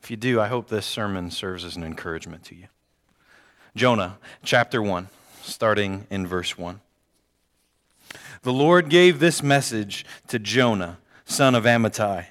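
A man's voice: medium pitch, animated, moderate pace, a bit bright. A man preaching a sermon, reading scripture aloud and repeating key phrases for emphasis. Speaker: pastor. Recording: long hall reverb.

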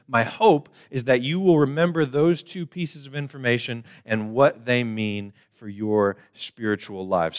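A man preaching a conversational sermon to his church, explaining plainly and poking fun at his own jokes. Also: medium pitch. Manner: casual, self-deprecating joking preacher. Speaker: pastor. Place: church service.

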